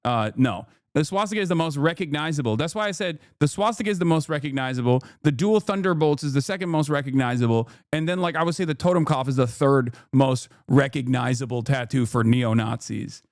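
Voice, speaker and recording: A man streaming casual commentary, incredulous and profane, with frequent loud exasperated outbursts. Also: medium pitch, fairly quick, hardly any pauses, no room sound, studio quality. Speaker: streamer reacting to news.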